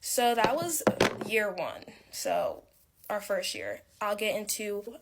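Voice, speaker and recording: A woman's voice: mid-range voice, expressive, takes it slowly, creaky, very noisy. A young woman telling a casual story-time tale about college friends in a rambling, filler-heavy way. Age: young adult.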